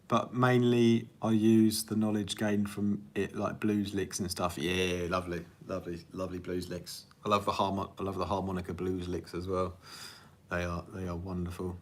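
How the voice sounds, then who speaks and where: A man's voice: low voice, level tone, normal speed. A man, a music producer, answering viewer questions in a casual, rambling livestream chat and laughing often at himself. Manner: rambling, chatty, laughs often, self-deprecating.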